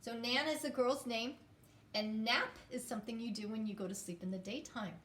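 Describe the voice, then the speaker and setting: A woman teaching a phonics lesson to young children, sounding words out slowly and inviting them to repeat after her. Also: on the high side, a bit bright, echoey room, distant mic. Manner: slow, drawn-out sounding out of words.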